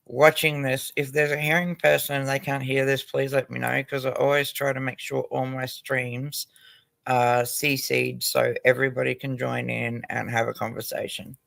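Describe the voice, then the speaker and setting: An Australian man chats loosely on his livestream, swearing freely and laughing between stories. His voice has a gravelly rasp, sits at an ordinary pitch, and sounds dry and close to the mic. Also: fairly bright tone, no echo. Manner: crude, swearing, laughing often. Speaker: livestream host. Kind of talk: casual livestream chat.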